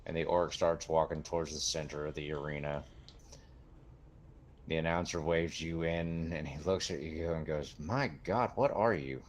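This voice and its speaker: A man narrating a tabletop game as game master in a relaxed way. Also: extremely low pitch, normal speed, slight background noise.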